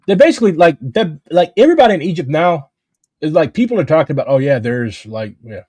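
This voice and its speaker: A man in loose live-stream chat, rambling from one topic to the next with plenty of swearing. His pitch swings widely as he talks, and the sound is dry and close to the mic. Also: sing-song, fast, dark tone, slightly rough, no echo. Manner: rambling, profane, jumps between topics.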